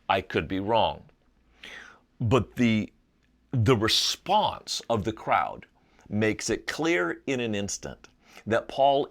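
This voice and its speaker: A middle-aged man with a fairly low voice leads a Bible class on video. His pitch swings widely as he tells the story and explains it with animation. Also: a bit bright. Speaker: Bible college teacher. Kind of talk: video Bible lesson lecture.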